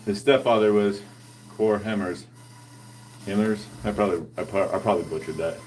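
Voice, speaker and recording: A man's voice: lowish voice, fairly even intonation, moderate pace, darkish tone, distant mic, slight background noise. A man chatting casually with viewers, laid-back and slangy, laughing often. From United States. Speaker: fitness vlogger. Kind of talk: casual chat answering live viewers.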